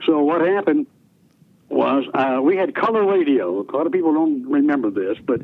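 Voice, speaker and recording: A man's voice: on the high side, lively intonation, normal speed. An older man telling rambling, folksy stories about his radio career in an interview. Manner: folksy, rambling, many restarts. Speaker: retired radio DJ guest. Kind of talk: storytelling interview. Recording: tinny phone-line radio audio.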